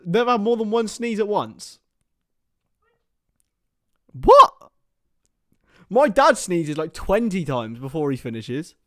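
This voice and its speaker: A man's voice: high-pitched, animated, moderate pace, hardly any pauses, no room sound, studio quality. Chatty man doing casual football commentary. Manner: chatty, laughs often, greets viewers by name. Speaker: live stream host and commentator. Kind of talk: casual match commentary and chat with viewers.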